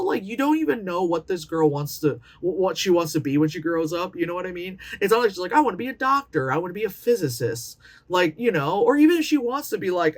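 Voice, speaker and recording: A woman in her late thirties giving a casual, profane movie review, animated and often mocking characters in put-on voices. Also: fairly low pitch. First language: Chinese. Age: late 30s.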